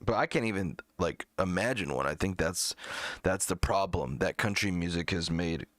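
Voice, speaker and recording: A man's voice: low voice, normal speed, a bit bright, no room sound, studio quality. A man hosting a live music-review stream, talking bluntly and profanely with mocking asides. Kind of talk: casual live-stream chat.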